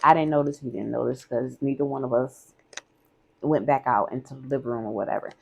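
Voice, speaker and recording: A woman recounts her own story in a candid, conversational way, repeating lines for emphasis. Her voice sits very low, with a gravelly, husky texture. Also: fairly even intonation, fairly quick, darkish tone. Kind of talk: casual storytime vlog.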